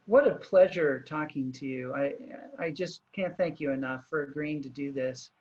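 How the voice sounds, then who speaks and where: A man's voice: fairly high pitch, muffled recording. Man hosting a video call interview, restarting his thoughts. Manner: thinks aloud with many restarts and fillers. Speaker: host.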